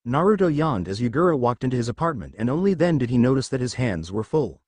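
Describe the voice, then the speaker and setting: A man narrating a fan fiction story in a steady storytelling manner. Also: mid-range voice, fast, few pauses, no echo.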